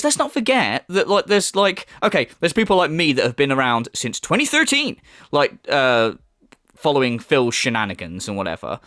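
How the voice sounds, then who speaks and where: A man's voice: high voice, wildly swooping pitch, moderate pace, fairly bright tone, no room sound, clean studio sound. A man giving a profane, mocking rant as a commentary YouTuber. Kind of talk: ranting reaction commentary.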